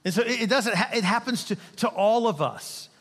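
A man's voice: sits high, fairly quick, a bit bright, breathy edge, big-room sound. A male pastor preaching a sermon in a church, conversational and humorous, often asking the congregation questions. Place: church sanctuary.

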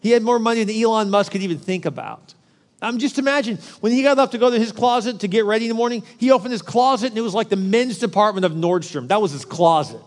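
A man with a high voice preaches a sermon, ribbing the congregation in a loose, conversational way. His voice rings with the long reverb of a large hall. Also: lively intonation, quick pace. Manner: joking, conversational preaching with asides to the crowd. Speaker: pastor.

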